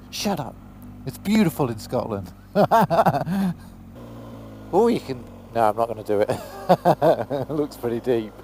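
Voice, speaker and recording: Riding his motorbike through heavy rain, a man from Britain talks casually into a helmet camera, letting out the odd exclamation and swear word. He's a motorcycle vlogger giving casual commentary in a mellow, medium-pitched voice over slight background noise.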